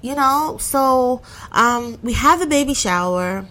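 A woman's voice: a little high, lively intonation, slow pace, fairly bright tone. A woman tells a story casually and animatedly, acting out her friends' voices and swearing freely.

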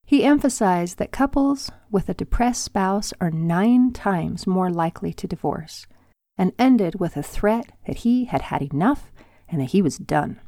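Calm older woman reading her memoir. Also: fairly low pitch, unhurried, dry recording, clean studio sound. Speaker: podcast host and author.

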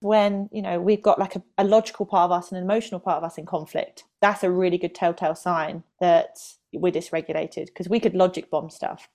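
A woman's voice: on the low side, steady tone, a little fast, hardly any pauses, a little mellow. A woman co-hosting a casual podcast, chatty and self-deprecating as she tells stories. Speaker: podcast co-host.

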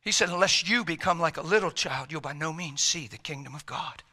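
A man preaching a sermon with passion, swinging between shouts and hushed, quiet lines. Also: a little high, fairly quick.

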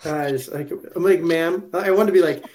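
A man's voice: on the high side, fairly quick. A man chatting casually on a fishing show, telling stories and acting out the people he quotes. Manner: animated storyteller, acts out quotes. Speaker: fantasy fishing show regular. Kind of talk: casual chat.

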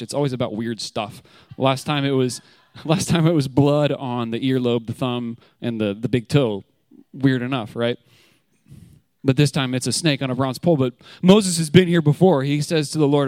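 A man's voice: mid-range voice, moderate pace, dry recording, studio quality. A man giving a short sermon to a congregation, casual and candid, with frequent fillers and rhetorical questions, growing emphatic as he tells the story. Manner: grows emphatic and animated when telling the story.

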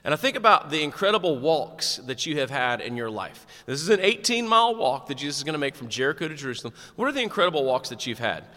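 A man preaching a sermon in a church, animated and conversational with bits of humor. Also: fairly high pitch, quick pace, hardly any pauses, in a large hall. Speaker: pastor.

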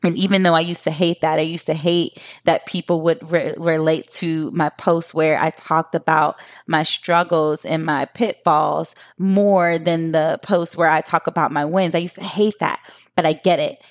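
A woman podcast host in her thirties talks straight to her listeners, chatty and emphatic. Her voice sits a little low for a woman. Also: steady tone, moderate pace. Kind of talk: solo podcast monologue.

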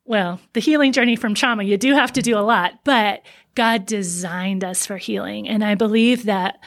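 A woman who works as a trauma counselor, speaking earnestly in a casual podcast interview and slowing down to stress her points. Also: mid-range voice. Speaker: trauma counselor and center founder.

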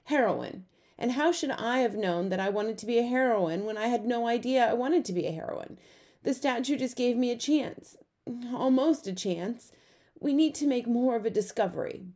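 A woman's voice: fairly high pitch, animated, moderate pace, mellow, pitched above the performer's own voice. A woman voicing a dramatic, tearful young girl who is earnest and fussy about grammar, in an audiobook. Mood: upset. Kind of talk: audiobook character voice.

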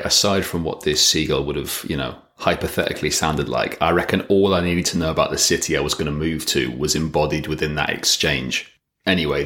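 Very deep-voiced wry male podcaster. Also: bright, forceful tone. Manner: wry, chatty, rambling. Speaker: podcast host. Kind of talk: casual solo podcast monologue.

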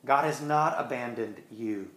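A man preaching a sermon with earnest emphasis, swinging between quick bursts and slow, stressed words. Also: medium pitch, fairly bright tone, echoey room. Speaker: pastor.

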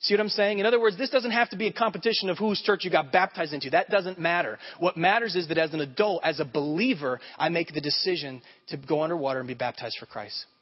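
A male pastor with a slightly high voice preaches a sermon conversationally, talking fast with hardly any pauses and repeatedly checking in with listeners by asking "okay?". The church sanctuary recording sounds dull, with long hall reverb.

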